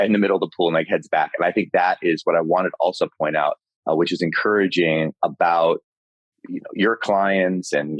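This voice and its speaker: A man talking as a podcast guest in casual chat, rambling with halting restarts. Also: low-pitched, dry recording. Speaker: podcast guest, dating coach.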